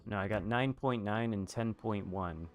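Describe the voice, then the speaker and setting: A man's voice: fairly low pitch, normal speed, soft background music. A man giving casual commentary over a video game, chatting and muttering asides to himself as he plays. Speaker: gaming video host.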